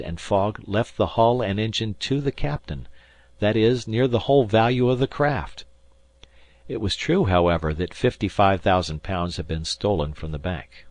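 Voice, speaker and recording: A man narrating a classic novel as an audiobook in a steady storytelling read. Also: deep voice, no echo. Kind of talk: scripted narration.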